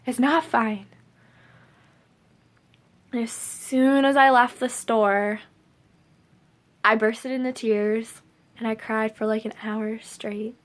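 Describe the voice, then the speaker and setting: A woman's voice: fairly high pitch, fairly even intonation, takes it slowly. A young woman vlogging to camera, rambling casually with lots of filler words.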